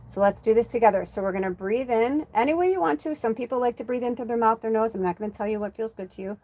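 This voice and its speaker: Woman, spiritual medium, chatty live-stream reader with a gentle coaching tone. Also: fairly high pitch, fast, few pauses, a little hiss or hum. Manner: chatty, animated, sprinkles in "like" and "you know"; soothing, encouraging affirmations.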